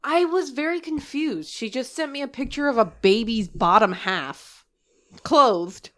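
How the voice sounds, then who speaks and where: Young woman cohosting a podcast, super animated voice, teases and laughs a ton. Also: on the high side, measured pace. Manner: teasing, laughs a lot, acts out quotes. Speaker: podcast co-host. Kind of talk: casual chat.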